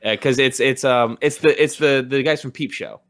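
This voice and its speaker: A man's voice: mid-range voice, fairly even intonation, normal speed, smooth. A young man co-hosting a podcast, chatting casually and rambling with lots of restarts and fillers. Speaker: podcast co-host. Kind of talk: casual chat.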